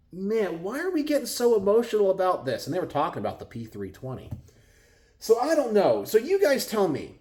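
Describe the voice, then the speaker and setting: A middle-aged man with a Texan accent, talking casually to his viewers from his garage, exasperated and full of rhetorical questions. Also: darkish tone. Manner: exasperated, rhetorical, mimics others in high voices. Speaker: gun channel host. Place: home garage.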